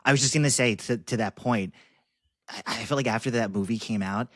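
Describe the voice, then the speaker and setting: A young man co-hosting a movie podcast in casual chat, telling stories in an animated way. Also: mid-range voice, brisk, no room sound, clean studio sound. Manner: animated storytelling with playful voice impressions. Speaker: podcast co-host.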